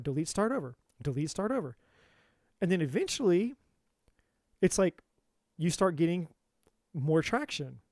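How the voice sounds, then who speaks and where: A man's voice: high voice, a little mellow, no echo, clean studio sound. A man in a casual livestream monologue as a tarot reader and coach, candid and profane, repeating himself for emphasis into a phone.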